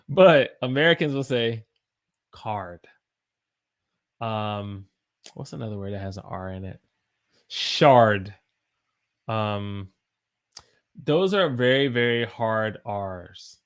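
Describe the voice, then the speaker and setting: A man with a Southern US accent teaching English pronunciation, repeating example words again and again and answering viewer comments. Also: mid-range voice. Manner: slow, repeats demonstration words over and over. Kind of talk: pronunciation lesson with viewer chat.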